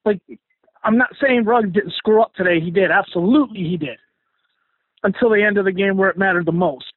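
A man's voice: sits high, brisk, breathy edge, no room sound. A man calling in to a sports show, fired up and slangy, rambling through his thoughts. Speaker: caller. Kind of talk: excited call-in sports fan talk. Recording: tinny phone line.

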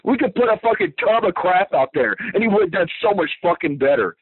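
Guy ranting on the phone, cursing nonstop, high husky voice, tinny dry line. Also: animated, brisk, dry recording. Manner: profane, furious ranting. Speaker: caller. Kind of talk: angry fan rant over the phone.

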